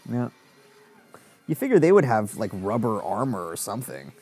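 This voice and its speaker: A man talks through a show as it plays. He rambles with lots of fillers and restarts, and his pitch moves in a lively way. Faint music sits in the background. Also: normal speed, husky. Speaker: show reviewer. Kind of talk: casual reaction commentary.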